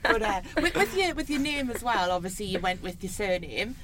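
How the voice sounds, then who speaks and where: A woman's voice: medium pitch, big pitch swings, a little fast. A woman from Watford with a southern English accent, hosting a podcast and chatting casually with guests. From Watford, England. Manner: chatty, laughs easily. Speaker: podcast host. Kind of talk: casual interview chat. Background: chatter and laughter of several people.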